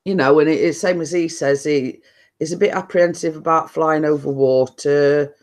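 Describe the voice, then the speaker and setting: A woman's voice: sits low, steady tone, normal speed, a little mellow. Woman rambling on her livestream, lots of you know and i mean, casual. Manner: rambling, lots of fillers and repeated phrases. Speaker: host of a live chat stream. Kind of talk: casual chat.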